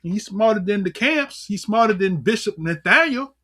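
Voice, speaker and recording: A man giving a casual livestream lesson from a book, speaking in an animated way to his viewers as brothers and sisters. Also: sits high, moderate pace. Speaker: livestream teacher.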